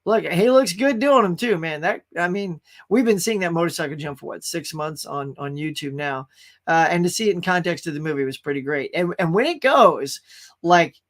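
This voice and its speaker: A man's voice: a little high, lively intonation, normal speed, fairly bright tone. A man hosting a casual pop culture live stream, rambling enthusiastically about movies and greeting viewers in the chat.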